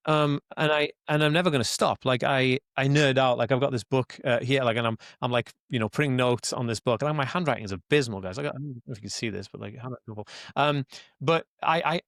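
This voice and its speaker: Chatty and fast-talking, this Welsh man is an interview guest and autism advocate doing casual storytelling in conversation. His medium-pitched, fairly bright voice rambles with lots of "like" and "right?", repeated words, earnest emphasis, and addresses to "guys." The recording is dry and close.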